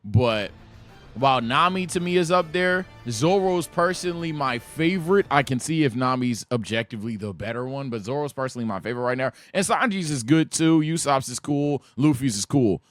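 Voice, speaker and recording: A young man giving loose, animated commentary on an anime, full of slang and repeated words when he gets excited. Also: mid-range voice, brisk, soft background music. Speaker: anime reaction streamer.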